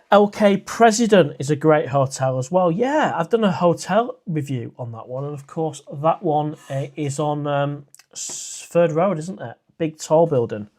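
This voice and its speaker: A man's voice: fairly high pitch, darkish tone. A man hosting a casual live stream. He reads out viewer comments and chats back in a rambling way, with plenty of "uh" and restarts. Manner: chatty and rambling, with frequent "uh" and restarts.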